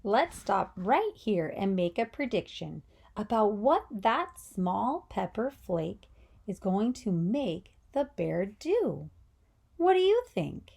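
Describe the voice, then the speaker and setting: A woman's voice: mid-range voice, big pitch swings, slow, gravelly, darkish tone, breathy edge. A woman teacher giving a reading lesson, encouraging children and asking them questions. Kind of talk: read-aloud reading lesson.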